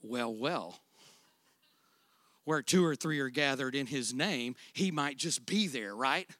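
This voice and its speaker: A man preaching a sermon, swinging between loud, drawn-out emphatic declarations and quiet, conversational storytelling. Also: medium pitch, animated, no room sound. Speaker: pastor.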